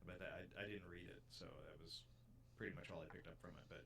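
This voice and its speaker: Male streamer, lower pitch, relaxed casual chat, trails off and restarts, light noise behind. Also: quick pace, gravelly. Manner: hesitant, lots of uh and restarts. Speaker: streamer playing a game.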